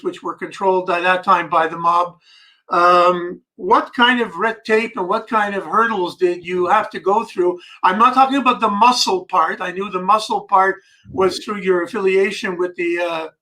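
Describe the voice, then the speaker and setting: A man's voice: high voice, fairly even intonation, moderate pace, bright, forceful tone. A man hosting an interview, asking long questions with many hesitations. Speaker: interviewer, host.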